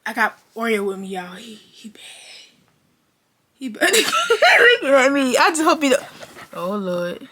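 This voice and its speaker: A young woman vlogging casually to her viewers on a phone camera, excitable and chatty. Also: on the high side, measured pace, slight background noise. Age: young adult. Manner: excitable, talks to viewers as y'all. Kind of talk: casual vlog chat.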